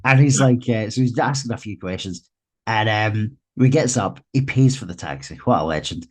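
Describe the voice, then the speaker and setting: Easygoing Scottish male co-host, lowish voice, spins anecdotes. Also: lively intonation, normal speed. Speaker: podcast co-host. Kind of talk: casual football podcast chat.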